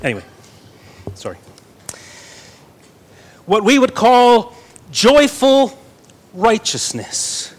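A man's voice: extremely high pitch, huge pitch swings, extremely slow, pauses often. A young man preaching a sermon, reading scripture earnestly and adding playful asides to his congregation. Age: young adult. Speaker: pastor.

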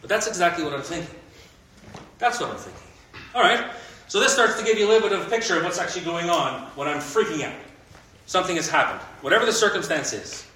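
A man preaching a sermon, moving between quiet reflection and emphatic, rising points. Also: high voice, expressive, fast talker. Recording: echoey room with faint noise.

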